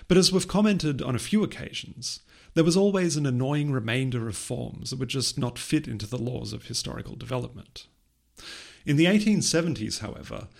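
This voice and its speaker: Gravelly-voiced man narrating a lesson. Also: mid-range voice. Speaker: podcast host explaining linguistics history. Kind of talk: scripted educational narration.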